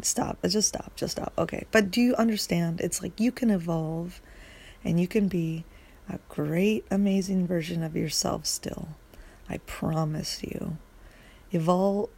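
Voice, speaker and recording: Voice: mid-range voice, creaky, a little mellow, breathy edge. A podcast host rambling through a casual solo monologue, just woken up and groggy, swearing freely and losing the thread.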